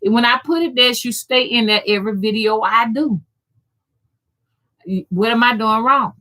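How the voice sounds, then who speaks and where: A woman's voice: fairly high pitch, normal speed, bright, forceful tone. A middle-aged woman, hosting a casual livestream chat, folksy and profane, greeting viewers by name. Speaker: rootworker and channel host.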